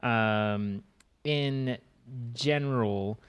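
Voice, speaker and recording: A man's voice: mid-range voice, drawn-out words, clear, resonant tone. A man co-op gaming on stream, explaining game mechanics in loose casual chat with dry jokes. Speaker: co-op game partner.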